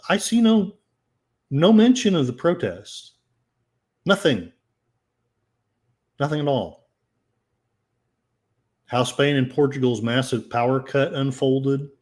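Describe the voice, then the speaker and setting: Older male podcast host, sarcastic, rambling delivery, mid pitch. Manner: sarcastic, rambling, with frequent fillers. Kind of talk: casual commentary reading headlines.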